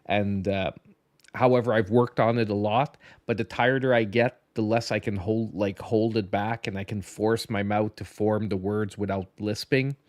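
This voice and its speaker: A man's voice: on the low side, steady tone, normal speed, few pauses, a little mellow, dry recording. A tired man hosting a casual gaming podcast, rambling with many restarts and a slight lisp. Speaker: podcast host. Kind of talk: casual late-night podcast chat.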